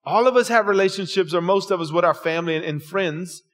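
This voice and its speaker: High-voiced preacher, swinging loud to hushed. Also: male voice, quick pace. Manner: folksy, call-and-response preaching, swings from loud and lively to low and soft. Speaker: pastor. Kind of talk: sermon.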